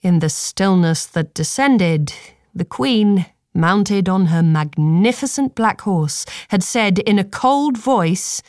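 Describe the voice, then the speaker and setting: A woman narrating a fantasy audiobook in a measured, even manner. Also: medium pitch, no room sound, studio quality.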